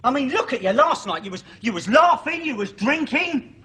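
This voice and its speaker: A man's voice: very high-pitched, sing-song, normal speed, bright, forceful tone, exaggerated voice. An actor playing an earnest younger brother, reproaching his older brother in a TV sitcom scene. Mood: reproachful. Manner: reproachful, indignant. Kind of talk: TV sitcom drama.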